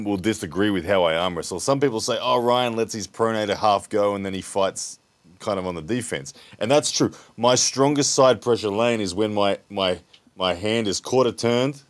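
A man hosting a podcast in relaxed chat, easygoing and quick to laugh. His voice sits low, recorded dry and close with no room sound. He reads out viewer questions and talks them through at length. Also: no echo. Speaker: podcast host. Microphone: podcast microphone.

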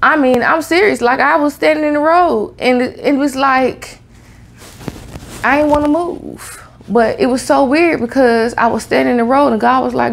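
A woman vlogger telling a personal story to camera in a casual, animated way, laughing often. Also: high-pitched, normal speed, creaky. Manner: animated, laughs a lot, Southern US slang.

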